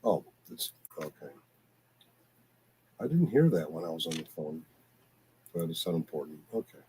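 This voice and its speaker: A man's voice: very deep voice, big pitch swings, moderate pace, dark tone, a little hiss or hum. A man co-hosting a casual live-stream, rambling and teasing the others. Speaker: stream co-host.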